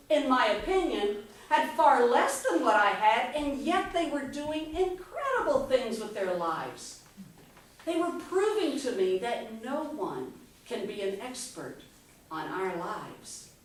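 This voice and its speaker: A woman in her fifties giving an inspirational speech, telling her story with dramatic pauses. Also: high voice, sing-song. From Texas, USA. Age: 50s. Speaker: motivational speaker. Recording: echoey hall from far off, faint noise.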